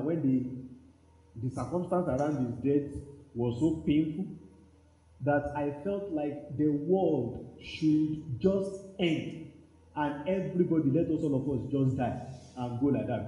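A Nigerian man in his fifties preaching a sermon as a pastor, telling stories in an animated way and acting out the voices in them. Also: mid-range voice, echoey room, dull audio.

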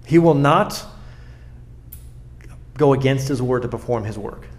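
A pastor from South Florida tells stories in a conversational interview, speaking earnestly and often repeating words to make his point. His mid-range voice is unhurried.

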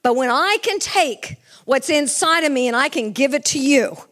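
A woman's voice: sits high, lively intonation, normal speed, a bit bright. A middle-aged woman preaching a sermon with fervor, asking the congregation questions. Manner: fervent, asks the congregation questions.

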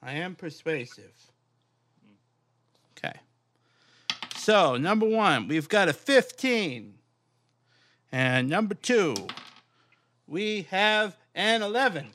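Slow-talking brash male player. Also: sits high, very animated, a bit bright. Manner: brash, profane, joking.

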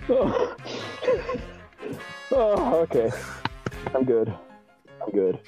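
A man's voice: medium pitch, wildly swooping pitch, extremely slow, lo-fi sound, soft background music. A young man co-hosting a podcast, chatting loosely and rambling through stories with lots of laughter. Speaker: podcast co-host. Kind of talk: casual chat.

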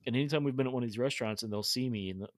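Guy hosting a podcast, talks fast, kinda rambly, dry close mic. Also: medium pitch, no room sound. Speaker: podcast host. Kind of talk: casual chat.

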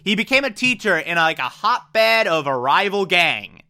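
A man's voice: sits high, sing-song, normal speed, sharp tone. A man giving an enthusiastic, casual recap and review of a TV episode, with sudden asides and the odd swear.

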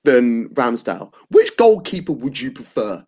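A man's voice: mid-range voice, big pitch swings, normal speed, a little mellow, slightly rough. A man from England hosting a casual football podcast, talking with plenty of fillers and restarts and making confident predictions. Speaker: podcast host.

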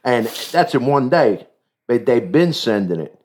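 Man, medium pitch, plainspoken podcast co-host, casual chat, repeats words. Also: sing-song, a little slow, darkish tone, slight background noise.

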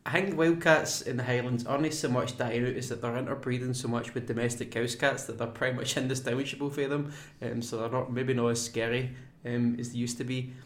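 A man's voice: medium pitch, level tone, a little fast. A man co-hosting a podcast, talking casually with many ums and little laughs. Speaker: podcast co-host. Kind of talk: casual chat. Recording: roomy echo.

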